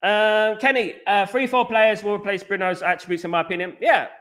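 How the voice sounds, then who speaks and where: Bright-voiced man ranting on stream. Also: sits high, fairly even intonation, a little fast. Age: adult. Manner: ranting, repeats himself, opinionated. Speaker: football fan channel host. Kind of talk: live stream chat answering viewers.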